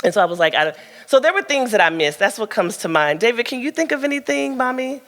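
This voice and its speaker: At her book launch, a woman author fields audience questions in a candid Q&A, frank and chatty, laughing often and peppering her stories with ums and likes. Her voice is on the high side, expressive, fast and a bit bright, echoing in a large event room.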